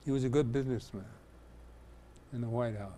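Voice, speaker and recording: A man's voice: medium pitch, fairly quick, a little hiss or hum. Chatty male interview host. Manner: relaxed and chatty, with easy laughs. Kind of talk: casual interview chat.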